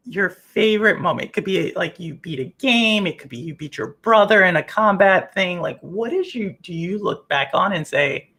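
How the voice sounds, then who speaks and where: A woman's voice: on the low side, breathy edge. Chatty laughing woman podcast host. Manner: chatty, laughs often, animated asides. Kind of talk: casual interview chat.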